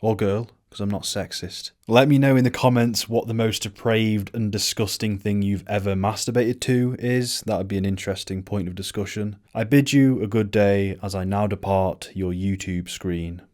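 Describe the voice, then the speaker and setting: A man's voice: on the low side, fairly even intonation, moderate pace, few pauses, darkish tone. A man doing casual film commentary at home, sarcastic and mock-pompous. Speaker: video essayist. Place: home room.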